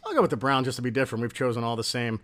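A man co-hosting a sports podcast, talking in casual chat and going off on animated rants. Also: mid-range voice, very fast. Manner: ranting, animated complaints. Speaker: podcast co-host.

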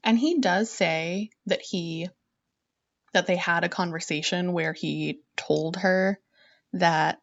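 A woman's voice: fairly low pitch, gravelly, no echo, lo-fi sound. A woman co-hosting a podcast, giving blunt opinions and swearing freely in casual chat. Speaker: podcast co-host. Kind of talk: casual chat recapping a reality show.

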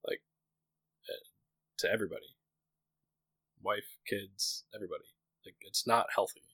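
Guy in his 30s, lowish voice, rambly casual chat, lots of "like", dry close sound. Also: fairly even intonation, moderate pace, bright, forceful tone, slightly rough, no echo, rough recording. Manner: rambling, many "like" fillers, candid. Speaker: podcast co-host.

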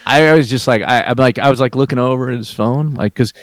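A man's voice: medium pitch, fast, dry recording. A man telling a rambling, profanity-laced work story in casual chat, with frequent restarts.

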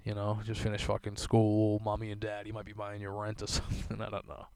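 A young man, rambling through a story and swearing freely, with laughs tossed in. His voice sits fairly low. The sound is dry and close, with no room echo. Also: monotone, fairly quick, darkish tone, smooth. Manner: profane, rambling, laughing asides. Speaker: solo vlogger. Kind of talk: casual storytelling monologue.

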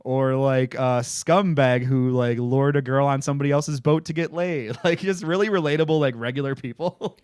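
A man's voice: mid-range voice, fairly even intonation, normal speed, a little mellow, clean tone, no room sound, studio quality. A man co-hosting a podcast, chatting casually about a TV episode with enthusiasm, swearing and laughing often. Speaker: podcast host. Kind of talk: casual TV recap chat.

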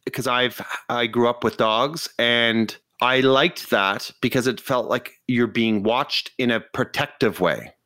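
A man co-hosting a podcast, chatting casually with expressive, squeamish reactions. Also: medium pitch, unhurried, hardly any pauses, no room sound. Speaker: podcast co-host. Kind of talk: casual chat.

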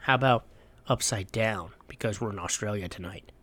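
A man's voice: lowish voice, moderate pace, fairly bright tone, no echo. A young man hosting a sports podcast, joking around in casual, rambling banter. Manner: jokey, playful, rambling. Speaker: podcast host.

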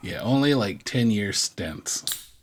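A man's voice: on the low side, expressive, slow. A man co-hosting a podcast in casual chat, with dry, jokey remarks. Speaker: podcast co-host.

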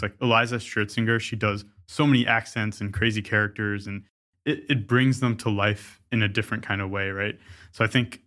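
Low-voiced male interviewer. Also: fairly bright tone. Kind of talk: casual interview conversation.

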